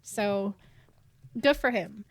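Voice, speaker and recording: A woman's voice: mid-range voice, slow, no echo. A woman, a podcast guest, recapping a book in casual chat, rambling into tangents and laughing between phrases.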